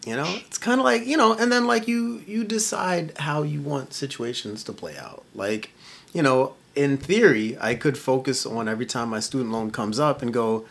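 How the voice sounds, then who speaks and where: A man guesting on a podcast, talking in a loose, rambling way with plenty of filler words. His voice has a slight husky edge, and his pitch swings up and down a lot. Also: expressive, normal speed, a bit bright. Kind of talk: casual chat.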